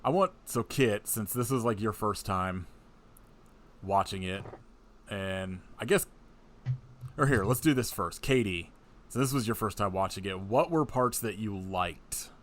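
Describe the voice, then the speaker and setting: A man with a very low voice hosts a loose podcast conversation. He laughs a lot and swears casually. A faint hum sits under him. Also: a little slow. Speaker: podcast host.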